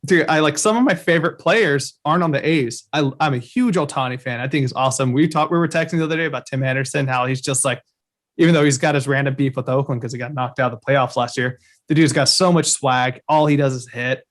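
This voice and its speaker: A young man co-hosting a podcast, talking with enthusiasm and stopping often to restart. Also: mid-range voice. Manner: enthusiastic, halting, many restarts. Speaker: podcast co-host. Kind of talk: casual chat.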